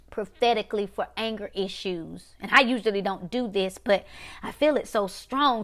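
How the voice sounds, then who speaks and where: A woman preaching a prophetic sermon with a repetitive, rhythmic cadence. She swings between loud bursts and hushed lines. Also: mid-range voice, creaky.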